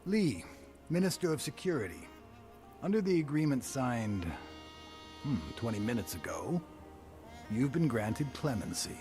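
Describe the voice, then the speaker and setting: An actor playing a male security minister in a video game, speaking in a cool, measured way with a faint edge of menace. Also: medium pitch, very animated, darkish tone. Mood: coolly formal. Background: game music.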